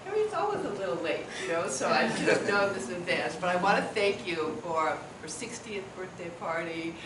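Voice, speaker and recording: A halting speaker at a memorial, breaking off and restarting while sharing a family memory. The voice is far from the mic in a roomy hall with a clear hiss behind it. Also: mid-range voice. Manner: halting, full of fillers. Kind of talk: personal memorial speech.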